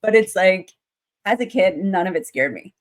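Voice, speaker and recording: A woman's voice: medium pitch, lively intonation, normal speed. A young adult woman, a guest in an interview, telling a story casually with many fillers and acting out the voices in her quotes.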